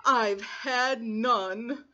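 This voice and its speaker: A big sulky storybook bear, put on by a woman reading aloud, complains loudly that everyone had fun without him. The voice is bright and forceful. The recording is dull and lo-fi. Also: a little high, fairly even intonation, extremely slow, full character voice. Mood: aggrieved. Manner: loud, aggrieved complaining. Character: big grumpy male bear, sulky and hurt. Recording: lo-fi muffled recording.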